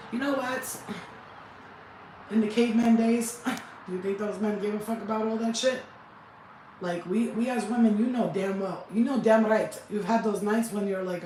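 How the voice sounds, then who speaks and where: A spiritual healing vlogger talks to her viewers on a casual livestream, blunt and profane, laughing often and animatedly acting out what others said. Her mid-range voice moves at a moderate pace. She sits far from the mic in a roomy, echoing space, with a faint hum in the background.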